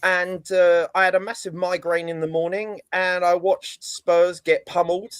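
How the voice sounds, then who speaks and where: High-voiced sarcastic man ranting. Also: level tone, normal speed, smooth, dry recording. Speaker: podcast panelist. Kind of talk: casual football chat.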